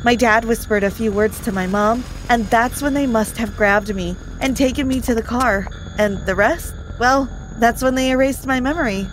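Woman storyteller, earnest emotional read-aloud, slightly high register. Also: slight background noise. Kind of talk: first-person story narration.

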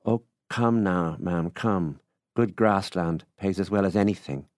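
A man's voice: deep voice, unhurried, a little mellow, dry recording, studio quality. A man reading a literary story, voicing a wheedling middle-aged Irish country farmer in an affable, folksy way. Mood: coaxing.

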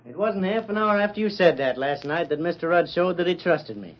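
A nervous young frontier man who stammers earnestly. His voice is high. The sound is muffled, like a 1930s radio drama. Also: lively intonation, a little fast. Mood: easygoing.

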